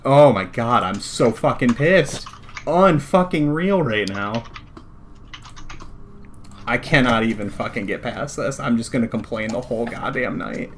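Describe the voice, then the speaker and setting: A man's voice: mid-range voice, measured pace, fairly bright tone, a little hiss or hum. A man in casual chat on a voice call, ranting and swearing in exasperation. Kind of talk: casual pre-show chat.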